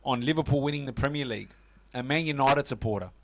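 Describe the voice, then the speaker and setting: A man's voice: medium pitch, quick pace, dry recording. A man with an Australian accent hosting a casual sports radio show, chatty and full of fillers. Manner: chatty, lots of fillers and "mate".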